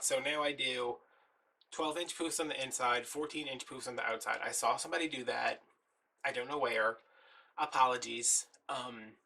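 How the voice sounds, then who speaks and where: A man's voice: medium pitch, pushed and bright, recorded from a distance, slight background noise. A man, a little out of breath, chatting casually while walking through a craft step by step. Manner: chatty, folksy, talks while working. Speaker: craft tutorial host.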